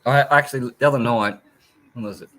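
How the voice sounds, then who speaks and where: A man's voice: medium pitch, fairly quick, fairly bright tone. A man chatting casually on a livestream, rambling through anecdotes and swearing freely. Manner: rambling storyteller, swears casually, mimics his pet. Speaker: livestream guest.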